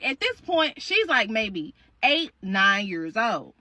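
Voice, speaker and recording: A woman's voice: fairly high pitch, very animated, slow, bright, forceful tone, dry recording. A woman telling a story in the second person, chatty, slangy and profane. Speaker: storytime host.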